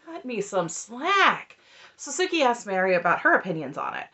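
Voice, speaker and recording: A woman's voice: mid-range voice, sing-song, normal speed, pushed and bright. A woman in her thirties giving a sarcastic, exasperated recap commentary that is often broken up by laughter. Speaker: reality TV recap YouTuber.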